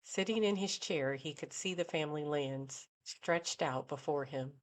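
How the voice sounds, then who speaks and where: Woman narrator, low voice, measured and even, novel reading. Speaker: audiobook narrator. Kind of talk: scripted narration.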